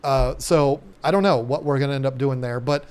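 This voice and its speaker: A man's voice: medium pitch, brisk, a little mellow, smooth. A man hosting a casual live stream, rambling in a folksy way with plenty of ums. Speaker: aquarium channel host.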